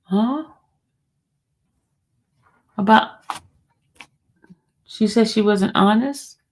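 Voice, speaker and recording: A woman's voice: mid-range voice, very slow. A woman hosting a casual livestream, chatty and teasing as she talks straight to her chat and reads their comments. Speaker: livestream host.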